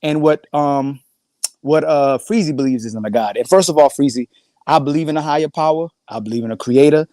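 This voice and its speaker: A man's voice: a little high, brisk, warm tone, no echo. A man speaking as a guest in a casual panel debate, slangy and argumentative, building his point step by step.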